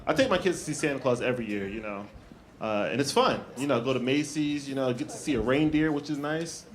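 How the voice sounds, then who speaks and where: A man doing a stand-up comedy set on a club stage, handheld mic, with shouted punchlines. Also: a little high, background noise. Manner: animated, loud shouted punchlines and put-on voices for others.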